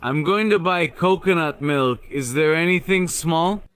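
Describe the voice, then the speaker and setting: A man's voice: a little high, a little slow, fairly bright tone, clear, resonant tone. A man casually vlogging on a cycling trip, playful and chatty, joking with locals. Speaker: travel vlogger. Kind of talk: casual travel vlog chat.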